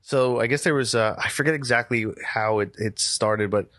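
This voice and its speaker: A man's voice: medium pitch, moderate pace, a bit bright, no room sound. Rambling middle-aged man, dry close mic. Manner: rambling storyteller, swears freely. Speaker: podcast co-host. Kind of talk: casual chat.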